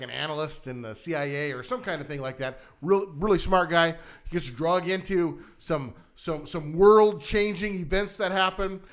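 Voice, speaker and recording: A man co-hosting a casual show-review chat, rambling and halting with many fillers and restarts. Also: a little high, a bit bright. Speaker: podcast co-host.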